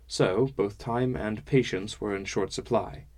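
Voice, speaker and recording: A man narrating a first-person fantasy novel in a measured, wry storytelling manner. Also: on the low side, darkish tone. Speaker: audiobook narrator.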